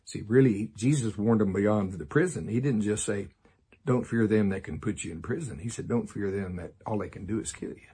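A man's voice: lowish voice, fairly quick, dark tone, slightly rough. A man preaching a sermon, laughing often and making sarcastic asides. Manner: sarcastic, laughing, acts out voices.

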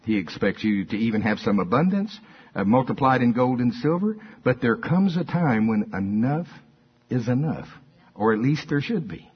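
Very animated and mid-pitched, an older man preaches at an ordinary pace with a breathy edge to his voice. He's a pastor in church, folksy and conversational, repeating his points and drawing responses back from the congregation. Sound quality is dull and lo-fi.

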